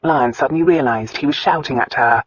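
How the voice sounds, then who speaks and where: A woman narrating an audiobook in a measured, calm storytelling manner. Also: extremely low pitch, dull audio, a little hiss or hum. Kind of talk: scripted narration.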